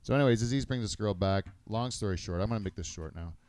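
A middle-aged man hosting a crude casual podcast chat, rambling and halting with many fillers and restarts. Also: on the low side, a little mellow, no echo. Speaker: podcast host.

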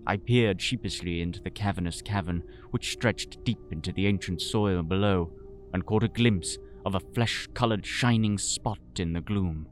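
A man with a fairly low voice tells the tale in a pompous, flowery Victorian gentleman's manner. This is scripted audio drama narration, with soft music playing faintly behind him. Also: moderate pace. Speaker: storyteller and sole voice actor.

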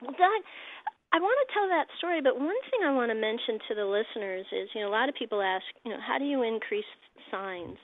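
A woman with a fairly high voice tells personal stories with animated, emotional swings. Her voice comes through a thin, phone-like line, close and dry with no room sound around it. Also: a little fast, no room sound. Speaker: guest. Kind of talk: storytelling chat.

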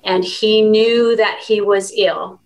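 A woman guest on a podcast, talking earnestly and warmly about her work as an animal communicator in a relaxed interview. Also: mid-range voice, slow pace, poor audio. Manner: earnest, heartfelt storytelling. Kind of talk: conversational interview.

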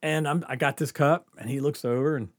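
A man's voice: fairly high pitch, fairly even intonation, brisk, dry recording, studio quality. A man casually telling a story, laughing often and swearing freely.

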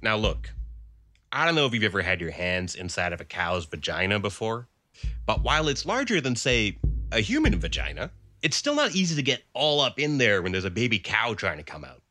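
Animated male storyteller. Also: fairly low pitch, brisk. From Canada. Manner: dramatic, swings from hushed to emphatic. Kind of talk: comic personal storytelling performance.

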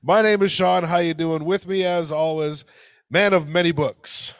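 A man with a slightly raised pitch hosts a loose podcast with his brothers. He jokes, swears and laughs easily, and his voice comes through dry and close over a video call. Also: steady tone, moderate pace, smooth, no room sound. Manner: joking, swears, laughs often. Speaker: podcast host. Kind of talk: casual chat among brothers.

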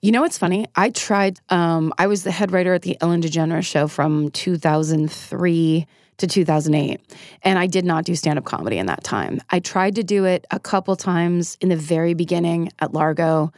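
Candid, laughing woman, dry low voice. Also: moderate pace, a little mellow, dry recording. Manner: candid, self-deprecating, laughs often. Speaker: podcast guest. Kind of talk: casual interview conversation.

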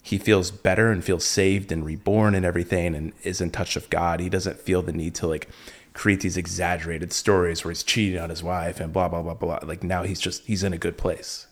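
A man's voice: sits low, little pitch movement, brisk. A man hosting a casual podcast chat, joking and teasing his guest. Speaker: podcast host.

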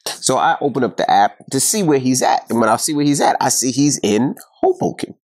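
A man's voice: medium pitch, expressive, fairly quick, a little mellow. A middle-aged man hosting a podcast, chatting casually in joking, boastful banter. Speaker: podcast host. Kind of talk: casual chat.

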